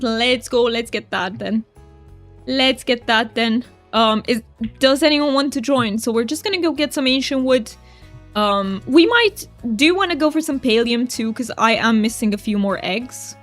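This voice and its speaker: A woman streaming a cozy game, chatting casually with her viewers and reading their messages aloud. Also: on the high side. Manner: chatty, giggly, reads chat aloud. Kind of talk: casual gameplay chat with chat.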